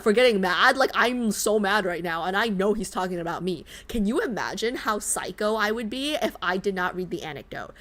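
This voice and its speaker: A young woman streaming a game live, chatting in an animated, exasperated, rambling way. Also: medium pitch.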